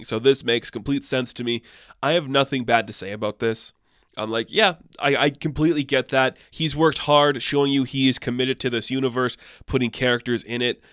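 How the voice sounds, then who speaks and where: Animated sarcastic young man, smooth voice. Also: mid-range voice, dry recording, studio quality. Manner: animated, sarcastic, swings from deadpan to excited. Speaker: entertainment news host. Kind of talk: casual commentary.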